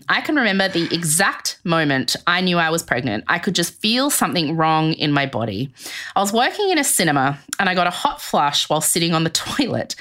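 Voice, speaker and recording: A woman's voice: fairly low pitch, a bit bright. A woman hosting a podcast who reads a personal essay aloud, breaks into chatty asides, laughs often and acts out other people's voices. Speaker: podcast host.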